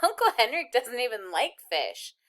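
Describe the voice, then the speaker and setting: A woman reading aloud who voices a brave young girl, raising her voice higher and chattering, then turning insolent. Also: big pitch swings, normal speed, fairly bright tone.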